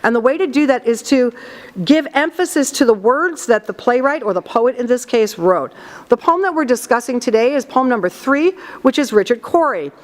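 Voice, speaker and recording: A woman drama teacher explaining slowly and deliberately to her class in a classroom. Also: on the high side, animated. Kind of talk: classroom instruction. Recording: long reverb in a classroom.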